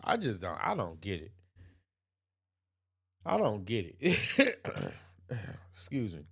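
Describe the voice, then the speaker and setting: A man's voice: on the low side, wildly swooping pitch, slow, a bit bright, slightly rough. A man hosting an opinion livestream, reading chat comments aloud and answering them emphatically, often repeating himself and laughing. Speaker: host.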